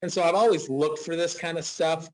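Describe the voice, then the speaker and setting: A man's voice: a little high, steady tone, a little fast, a little mellow, poor audio. A man in his forties from Utah, a dentist guest telling a chatty, anecdotal story in a casual interview, with frequent restarts. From Utah, USA.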